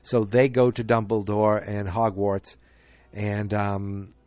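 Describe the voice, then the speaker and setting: A man's voice: on the low side, level tone, slow pace, a little mellow, no room sound. A man hosting a podcast, casually recapping a film in a rambling way with lots of fillers and restarts. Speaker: podcast host.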